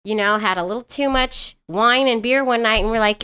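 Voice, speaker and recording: A woman's voice: brisk, hardly any pauses, clean tone. A woman in her thirties co-hosting a podcast, chatting casually and acting out quotes in a raised voice. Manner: animated storyteller, acts out quotes in a high voice. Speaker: podcast co-host. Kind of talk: casual chat.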